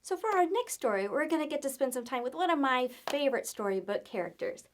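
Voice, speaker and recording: Animated woman reading to children. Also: high-pitched, fast talker. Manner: animated, playful, addresses children. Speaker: children's librarian. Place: public library.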